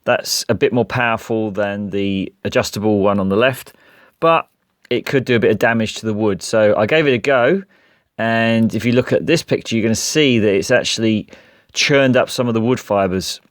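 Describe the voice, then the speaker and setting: A man's voice: lowish voice, normal speed, no room sound, clean studio sound. Plain-spoken man explaining a DIY job. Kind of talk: DIY tutorial.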